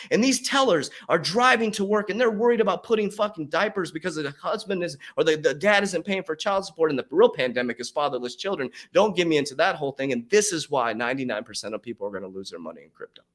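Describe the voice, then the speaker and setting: Male motivational coach, middle-aged, slightly high voice, profane vlog rant with big loud-quiet swings. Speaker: crypto and mindset coach.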